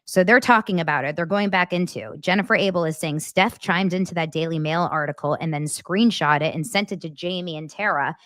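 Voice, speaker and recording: Animated woman recapping texts. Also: a little fast, hardly any pauses, no echo, clean studio sound. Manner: animated, acts out quoted texts with dramatic pitch jumps. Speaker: host. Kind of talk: casual commentary reading texts aloud.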